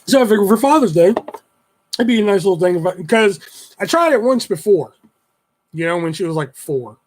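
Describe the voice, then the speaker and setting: A young man on a live stream, talking a little higher than most men. He rambles through a personal story with plenty of fillers and freely drops swear words. The delivery stays casual and conversational. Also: animated, a little fast, a little hiss or hum, rough recording. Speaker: livestreamer.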